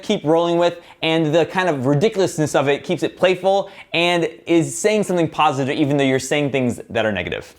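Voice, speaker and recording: A young man hosting a self-help video, talking casually to the camera and explaining with relaxed fillers and self-deprecating asides. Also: fairly high pitch.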